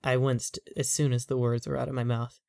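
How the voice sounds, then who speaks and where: A storyteller reading a horror story aloud in a measured, steady way. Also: medium pitch, gravelly, no echo, clean studio sound.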